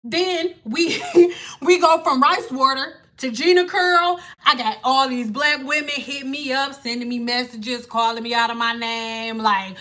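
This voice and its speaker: Bright-voiced woman ranting. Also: high voice, unhurried. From Detroit. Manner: blunt, ranting, swearing freely. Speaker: hair vlogger. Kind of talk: casual rant to camera.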